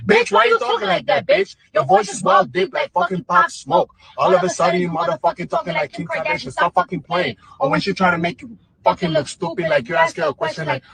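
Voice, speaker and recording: High-pitched gravelly man ranting brashly. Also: big pitch swings, fast, low-quality recording. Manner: brash, loud, mocking. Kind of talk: profane comedic rant.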